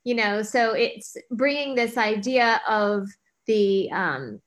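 A woman's voice: mid-range voice, slow pace. A woman guest on a podcast, talking earnestly about her projects with many fillers and restarts. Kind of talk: conversational interview talk.

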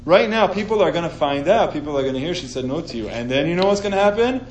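A man's voice: on the high side, animated, fast talker, echoey room, lo-fi sound, slight background noise, lightly acted. A man voicing a scheming male royal adviser who talks in an urgent, persuasive way. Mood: alarmed, persuasive.

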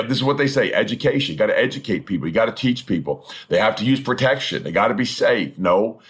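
A middle-aged male pastor delivers a fervent sermon, hammering points home through repetition. His voice sits low and carries a husky edge. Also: fairly bright tone. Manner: fervent, emphatic preaching with repeated phrases.

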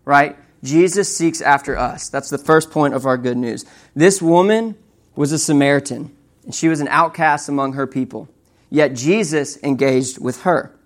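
A young man preaching a sermon in a conversational way, often checking in with the audience with "right?" and telling stories with animation. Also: on the high side. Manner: conversational, keeps asking "right?"; animated storytelling.

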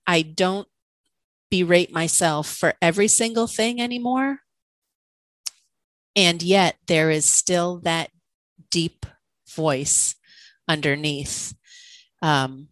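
A woman's voice: lowish voice, dry recording, poor audio. A woman co-hosting a podcast, a coach, talking candidly and questioning herself, with frequent laughter. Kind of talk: reflective conversational podcast talk.

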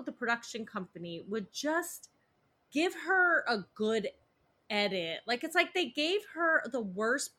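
A woman co-hosting a podcast in casual chat, animated and gossipy, swearing freely. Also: fairly high pitch. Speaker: podcast co-host.

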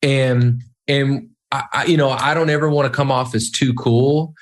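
A man who leads worship at church talks loosely and in a self-deprecating way. His speech is full of "like" and false starts, and his voice sits at an ordinary pitch. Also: steady tone, normal speed. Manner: rambling, self-deprecating, many fillers and restarts. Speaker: worship leader. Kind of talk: casual podcast conversation.

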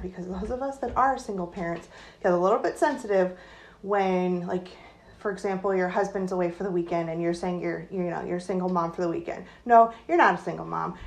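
A woman hosting her own podcast, talking casually from her home kitchen, with lots of likes and quick self-corrections. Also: mid-range voice, low-quality recording. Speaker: podcast host and social worker.

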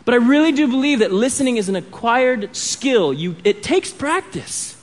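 A pastor with a notably high voice preaches a sermon expressively, his pitch swinging widely at a moderate pace. He drops to a hush on key points and acts out the dialogue when reading scripture.

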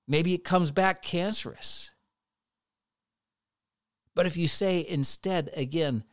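A man giving an earnest, reassuring devotional teaching about faith to the camera, in a measured way. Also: a little high, lively intonation, no echo, studio quality. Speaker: Christian speaker.

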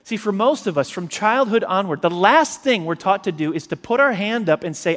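A male pastor preaching a sermon, emphatic, swinging between forceful peaks and quiet low passages. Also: expressive, moderate pace, hardly any pauses, big-room sound.

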